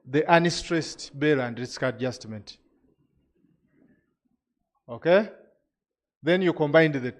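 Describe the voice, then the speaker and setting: A man presenting regulations to an industry audience, explaining step by step with frequent restarts. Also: mid-range voice.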